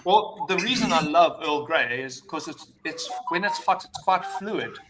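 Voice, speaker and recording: A man's voice: a little high, lively intonation, measured pace, heavy background noise. A man chatting and teasing on a live online show, telling casual anecdotes. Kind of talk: casual banter on a live stream.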